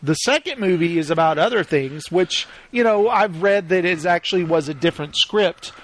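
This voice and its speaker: A man hosting a casual movie chat, rambling with lots of "like" fillers and quick to laugh. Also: sits high, fairly bright tone.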